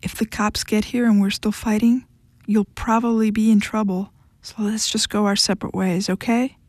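A woman reading the part of a firm, weary adult woman who speaks flatly and with warning. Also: medium pitch, normal speed, no room sound, natural voice.

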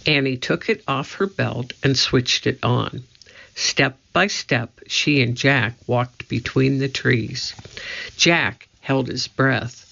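A man reading a children's book aloud in a slow, measured storytelling manner. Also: medium pitch, gravelly, bright, forceful tone, dull audio. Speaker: narrator.

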